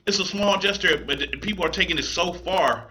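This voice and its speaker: A man's voice: sits high, normal speed, pushed and bright, poor audio. A man in casual podcast chat, joking and swearing freely.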